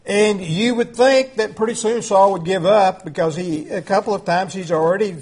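A high-voiced man delivers a sermon in a conversational, emphatic way. He leans on filler words and restarts as he builds his points, and his pitch sits well above most men's. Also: moderate pace, a little mellow, breathy edge. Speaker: preacher.

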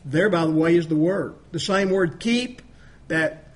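Emphatic high-voiced male preacher. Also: a little slow, husky. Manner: emphatic, rising and dropping volume, rhetorical questions. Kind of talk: sermon.

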